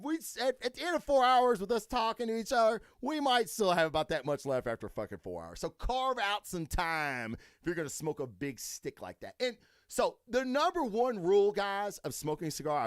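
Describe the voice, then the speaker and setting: Crude, rambling man with a lively voice. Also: on the high side, no room sound, clean studio sound. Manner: crude, rambling, swears constantly. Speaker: podcast host. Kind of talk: profane casual monologue.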